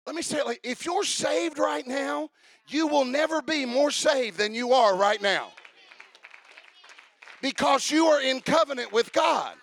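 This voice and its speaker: A man preaching a sermon with fervent, rhythmic delivery, shouting his repeated call-outs. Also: very high voice, measured pace, dry recording, some chatter behind.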